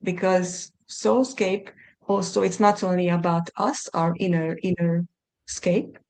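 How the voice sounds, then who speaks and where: A woman's voice: fairly low pitch, little pitch movement, a little slow, a little mellow. Hungarian-accented woman, thoughtful speech. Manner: thoughtful, searching for words with many restarts. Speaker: podcast guest, consultant. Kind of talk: conversational interview.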